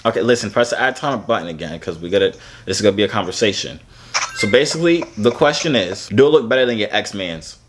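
A young man in his twenties talks through his phone on a video chat app, teasing and bragging in a loose, joking way. His pitch sits in the middle, and a faint hiss runs behind him. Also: lively intonation, fast talker. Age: 20s. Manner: playful, teasing, boastful. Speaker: vlogger chatting with strangers on a video chat app.

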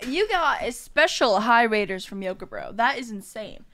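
A woman's voice: fairly high pitch, animated, normal speed, a bit bright. A woman streamer chatting with her viewers, bubbly as she reads and thanks the chat.

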